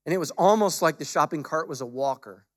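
A male pastor preaching a sermon, moving from casual storytelling to forceful, emphatic exhortation. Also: a little high, animated, fairly quick.

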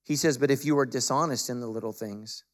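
A male pastor preaching a sermon, moving from casual storytelling to forceful, emphatic exhortation. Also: mid-range voice, fast talker.

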